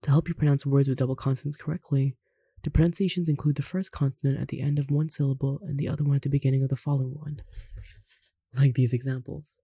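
A language tutor reading a pronunciation lesson aloud in an unhurried way, slowly spelling out examples and adding light asides. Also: medium pitch, level tone, gravelly, warm tone, breathy edge, no room sound, studio quality. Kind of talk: reading an instructional text aloud.

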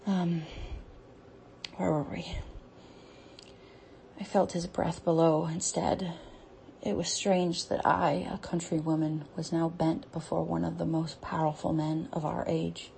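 A young woman performing an intimate audio role-play, reading a story aloud in a halting, breathy voice that often drops to a whisper. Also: low-pitched, level tone, dark tone, a little hiss or hum.

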